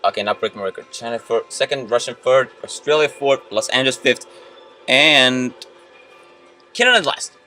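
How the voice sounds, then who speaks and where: Excitable young gamer, bright lively voice. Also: male voice, medium pitch, normal speed. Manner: excitable, shouts and yells at the game. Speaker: let's play gamer. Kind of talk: game commentary. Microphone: computer mic. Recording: music from the game in the background.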